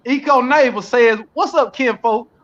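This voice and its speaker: Speaking at a moderate pace in an extremely high, slightly bright voice, this man co-hosts a live gardening stream. He jokes, laughs and reads viewers' comments aloud during the casual chat, and the stream audio is dull and lo-fi.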